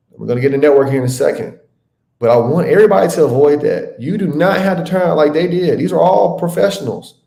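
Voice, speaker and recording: Echoey, higher-voiced man teaching a webinar. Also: a little mellow. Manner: conversational, keeps asking "okay?" and "y'all". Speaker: webinar instructor. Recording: echoey room.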